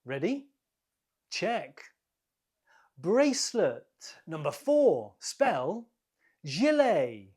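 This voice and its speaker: A British woman hosting an English quiz, slowly and deliberately repeating each word for learners. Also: lowish voice, big pitch swings, a little mellow, breathy edge. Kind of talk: slow, clear quiz teaching.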